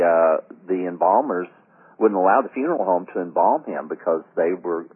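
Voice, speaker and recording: Deep husky man on lo-fi radio. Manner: rambling storyteller, trails off with fillers. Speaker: radio co-host and former pastor. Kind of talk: radio talk conversation. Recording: narrow phone-like radio sound.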